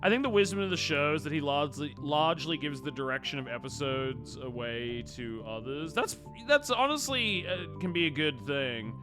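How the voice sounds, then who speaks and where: A man hosting a live stream and chatting casually about movies. He rambles and swears freely, with animated reactions. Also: fairly high pitch, normal speed, few pauses, music in the background.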